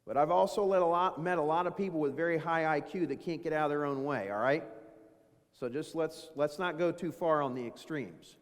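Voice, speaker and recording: Keynote speaker, man in his fifties, folksy and self-deprecating, high-ish voice, large reverberant hall. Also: fairly quick. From Dayton, Ohio. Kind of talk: motivational business talk.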